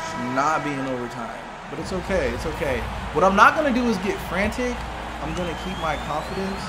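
A man giving excited live commentary while playing a basketball video game, reacting emotionally to every play. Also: on the high side, brisk, a crowd in the background. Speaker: gaming commentator.

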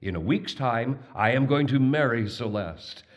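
A man's voice: mid-range voice, expressive, unhurried, natural voice. A man voicing a young male elephant king who speaks in an earnest, courteous manner in a storybook tale. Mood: gracious.

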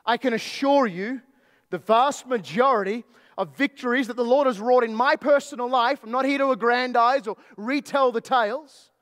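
A pastor preaching a sermon, emphatic at times and then dropping into low, quiet asides. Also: male voice. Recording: long hall reverb.

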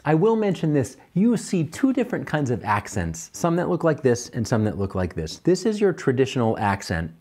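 A man's voice: medium pitch, sing-song, normal speed, few pauses, darkish tone. A middle-aged man teaching a piano lesson, patiently explaining step by step. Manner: patient, explains step by step, counts and scats rhythms aloud. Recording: piano playing under the voice.

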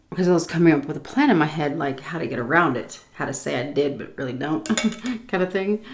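A woman casually telling a story while eating, animated and swearing freely. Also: sits low, fairly quick. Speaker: vlogger.

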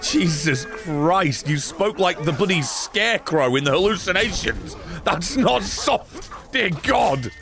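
A man giving live gameplay commentary, excitable, swearing and bursting into laughter. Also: fairly high pitch, measured pace, vocal fry, hardly any pauses, music in the background. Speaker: gaming streamer.

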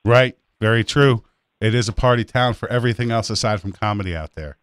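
A man's voice: on the low side, fairly quick, smooth, no room sound. A man hosting a talk show from a studio, chatting casually with loose, crude teasing. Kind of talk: casual joking chat. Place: radio studio.

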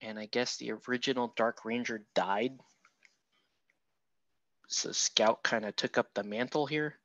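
A man's voice: medium pitch, unhurried, a bit bright, no room sound, muffled recording. A man who streams himself painting miniatures, chatting casually and rambling with self-mocking asides to his viewers. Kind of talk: casual livestream painting tutorial.

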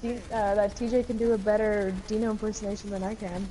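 A woman's voice: medium pitch, little pitch movement, fast talker, warm tone, slight background noise. A young woman chatting casually on a gaming stream, giggly and self-deprecating, talking with her friends and the chat. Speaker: co-streamer guest.

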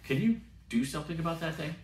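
A man's voice: a little high, expressive, fast, noisy background, voice pushed up, lightly acted. A man reading aloud and voicing a wry, nervous young male engineer in a matter-of-fact way. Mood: uneasy. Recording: roomy sound from a distant mic.

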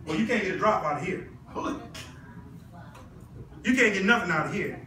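A bright, high-voiced man pitches a product live to an audience, persuasive and constantly quizzing the crowd. He is picked up from some distance in an echoey room with faint background noise. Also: expressive, moderate pace, pauses often. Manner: persuasive, addresses the audience with questions. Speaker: product presenter.

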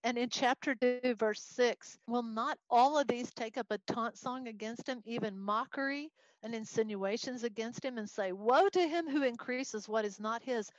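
A woman teaching a Bible study in an expressive, conversational way, reading scripture aloud and explaining it. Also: a little high, normal speed, few pauses, no echo, dull audio.

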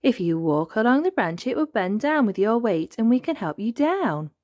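A woman voicing a cheerful, kindly male elephant in a read-aloud storybook, with a bright, teasing manner. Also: on the high side, very animated, normal speed, no room sound, voice pushed up.

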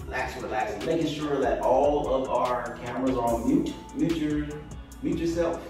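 A man leading a kids' yoga lesson on a video call, hyping the children up, then guiding slow breathing in a soft voice. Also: medium pitch, music in the background. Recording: echoey room, far from the mic.

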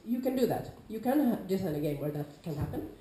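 A woman's voice: lowish voice, fast talker. Nordic woman lecturing in an echoey room. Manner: lively, acts out quoted players with sudden loud calls. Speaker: lecturer on larp safety. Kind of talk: informal lecture to a class.

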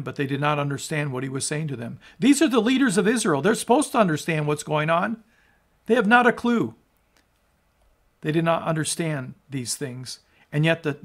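A man preaches with earnest conviction, his somewhat high voice swelling on scripture quotes. He trails off low at the ends of phrases and stumbles and restarts words now and then. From United States. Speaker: pastor. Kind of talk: sermon, scripture reading and commentary.

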